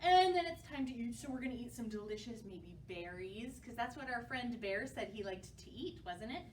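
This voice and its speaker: High-voiced woman leading a children's storytime. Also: animated, moderate pace, reverberant, far from the mic, slight background noise. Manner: bright, encouraging, talks to children. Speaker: children's librarian.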